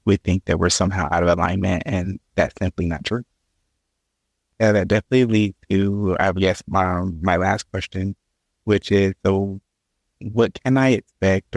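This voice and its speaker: Male guest, deep gravelly voice, casual, dry close sound. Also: no room sound. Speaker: guest, entrepreneur and podcaster. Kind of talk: casual conversation.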